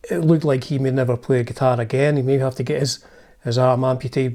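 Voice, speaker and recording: Scottish male host, mid-pitched, warm low tone, enthusiastic fan narrating music history casually. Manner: chatty, enthusiastic fan talk with asides.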